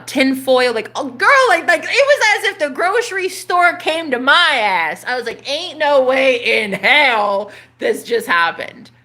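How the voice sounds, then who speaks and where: A woman in her thirties, a spiritual coach, telling a personal story to her viewers in an animated, casual way, swearing freely. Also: fairly high pitch. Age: 30s.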